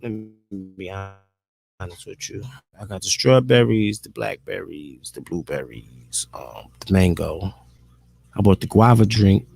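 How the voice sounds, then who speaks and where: Gravelly man rambling casually on a stream. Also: low voice, unhurried, a little mellow. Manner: loose, profane, talks to himself and viewers. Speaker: live streamer.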